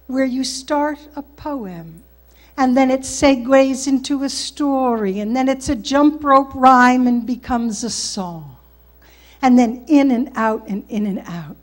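A woman introducing a performer at an event in a measured, admiring way. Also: sits high, soft background music.

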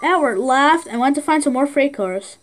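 High-voiced woman narrating a storybook. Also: animated, moderate pace. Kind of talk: storybook narration for a fan redub.

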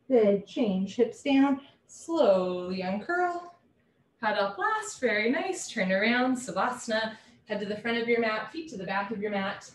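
A woman leading a live yoga class from home, calling out poses briskly and dropping in chatty asides. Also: fairly high pitch, animated, reverberant. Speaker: yoga teacher.

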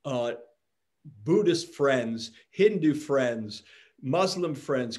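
A man speaking as a rabbi, inviting listeners in and explaining scripture in a live discussion. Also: fairly high pitch. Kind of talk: Bible teaching discussion.

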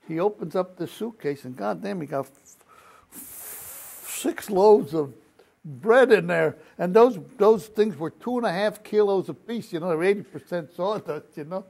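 A man's voice: high-pitched, measured pace, vocal fry, long pauses. An older man recounting his experiences in an oral history interview, telling stories with quoted dialogue. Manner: lively anecdotal storytelling with quoted dialogue.

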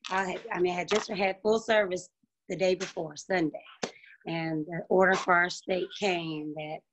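A woman's voice: fairly low pitch, steady tone, normal speed, noisy background. Emotional middle-aged woman telling her story. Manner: emotional, faith-filled storytelling. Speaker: restaurant owner. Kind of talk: panel discussion on a video call.

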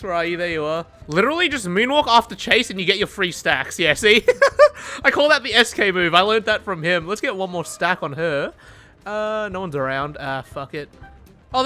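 A video creator giving excitable gameplay commentary, swearing a lot and laughing often. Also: medium pitch.

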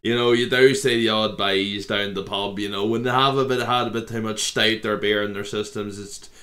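A man's voice: lowish voice, steady tone, moderate pace, fairly bright tone. A man with an Irish accent chatting his way through a reaction video. He talks in loose, rambling banter, laughs often and swears freely. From Ireland. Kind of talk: casual reaction commentary.

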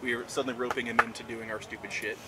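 A man's voice: mid-range voice, little pitch movement, very fast. A man hosting a casual beer tasting with friends outdoors, joking around and swearing freely. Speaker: airsoft team member hosting a beer tasting. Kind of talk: casual chat. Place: outdoors at an event. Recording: outdoor event with clear background noise.

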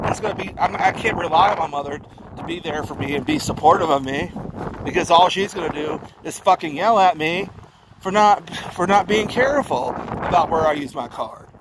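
A man's voice: on the high side, very noisy. A man venting indignantly, ranting with heavy swearing and repeated rhetorical questions. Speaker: vlogger. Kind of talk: angry venting monologue.

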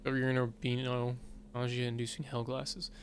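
A man's voice: mid-range voice, completely flat delivery, normal speed, a little hiss or hum. A male streamer casually reading game text aloud and making wry asides while playing. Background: game music.

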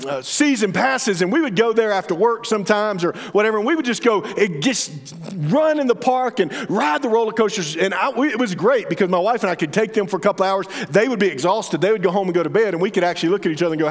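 With lively intonation and a brisk pace, hardly pausing, a male pastor spins humorous stories from the pulpit and sinks into a soft, low voice for emphasis. The recording carries the echo of a reverberant church hall.

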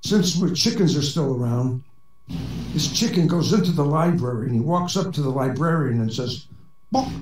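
A man's voice: a little high, expressive, normal speed, a little mellow, reverberant, recorded from a distance, slight background noise, rough recording. A man telling corny jokes in a voice chat comedy set, with dry delivery as a robot persona. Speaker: stand-up comedian.

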